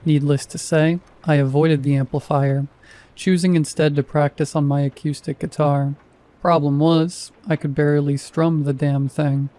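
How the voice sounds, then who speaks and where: A man in his thirties narrates a first-person horror story in a wry, self-deprecating manner. His voice sits a little high and sounds soft and mellow, with no edge to it.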